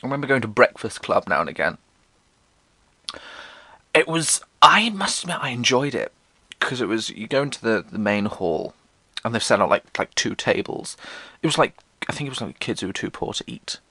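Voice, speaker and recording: Lively young man, dry close sound. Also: normal speed, slightly rough, no room sound. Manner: swearing, self-mocking, acts out quoted voices in squeaky tones. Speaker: podcast host. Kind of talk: casual comic storytelling monologue.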